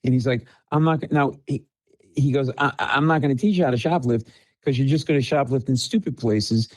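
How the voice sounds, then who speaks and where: A man's voice: medium pitch, a little fast, no echo, poor audio. A man, a comedian, telling stories on a podcast and acting out the dialogue in them. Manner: animated storyteller, acts out dialogue. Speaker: comedian guest. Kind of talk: storytelling podcast chat.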